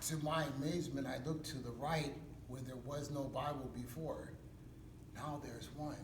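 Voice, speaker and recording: A pastor gives a dramatic personal testimony, telling it animatedly in street slang. His medium-pitched voice moves at normal speed, heard from afar in an echoey hall with slight hiss or hum.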